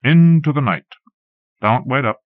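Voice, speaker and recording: A man's voice: medium pitch, expressive, unhurried, no room sound, voice pushed up, close to an everyday voice. A man reading aloud and voicing a vain, cocky seventeen-year-old boy who teases his younger brother smugly. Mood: teasing. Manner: smug, teasing, preening. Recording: dull lo-fi cassette recording.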